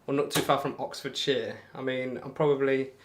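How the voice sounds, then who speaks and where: A laid-back man with a broad Northamptonshire accent, chatting loosely to his stream viewers. His voice sits at an ordinary middle pitch. A steady hiss of noise runs under the home recording. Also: a little fast. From England. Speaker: darts streamer. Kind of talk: casual live-stream chat.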